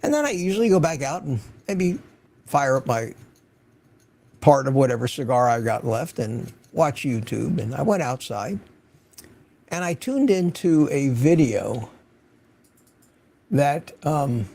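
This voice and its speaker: A man's voice: mid-range voice, animated, a little slow, gravelly, long pauses, dark tone. An older man hosting a livestream, chatting casually and rambling as he greets viewers by name from his home studio. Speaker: livestream host.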